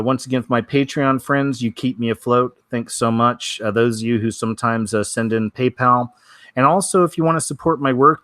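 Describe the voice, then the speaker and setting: A man's voice: medium pitch, a bit bright, dry recording. Dry-voiced man doing wry news chat. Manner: wry, offhand, many fillers. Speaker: host of a weekly news show. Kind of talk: casual news commentary.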